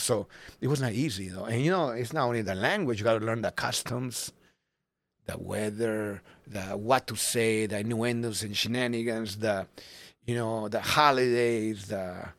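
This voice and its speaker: A middle-aged Peruvian man whose first language is Spanish tells stories with energy, often restarting and repeating himself. His accent is clear, and his voice sits in an ordinary middle range. It is recorded close and dry in a studio. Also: medium pitch, normal speed, dry recording. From Peru. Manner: animated storyteller, restarts and repeats words. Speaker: restaurant owner. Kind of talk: casual interview storytelling. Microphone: studio microphone.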